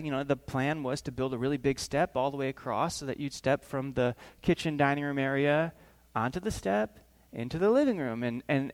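A man preaching a sermon, telling a family story with acted-out voices and questions to the congregation. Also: on the high side. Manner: animated, acts out voices, asks the room questions. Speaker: pastor.

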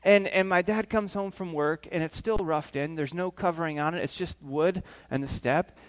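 High-voiced animated male preacher. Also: normal speed. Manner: animated, acts out voices, asks the room questions. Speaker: pastor. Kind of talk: sermon with storytelling.

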